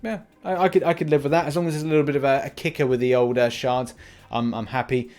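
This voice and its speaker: A man's voice: mid-range voice, fairly even intonation, quick pace, darkish tone, soft background music. A young man hosting a gaming channel, chatting casually as he reads out viewer comments and answers them, with plenty of restarts and fillers. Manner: rambling, frequent restarts and fillers.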